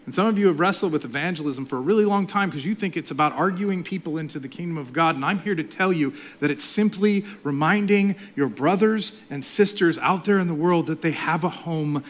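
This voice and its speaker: A middle-aged male pastor preaching a sermon, swinging between loud emphasis and soft, near-whispered passages. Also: fairly high pitch, a little fast, hardly any pauses.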